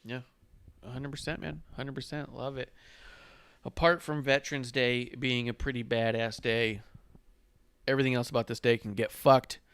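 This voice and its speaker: Two buddies' wrestling show: this host talks in a clean, resonant voice, close and dry on the mic, with no room around it. He keeps things loose and jokey, cracking wise between sips, mid-pitched and relaxed. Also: moderate pace, clean tone, no echo. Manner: joking, loose, drinks on air. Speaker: podcast host. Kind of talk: casual wrestling podcast chat.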